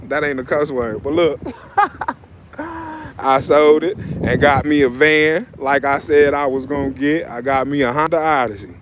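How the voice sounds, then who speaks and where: On a casual livestream, a man chats loosely from his phone while standing outdoors beside his vehicles, rambling and repeating himself. His voice is fairly high and unhurried, with a little hiss or hum in the audio.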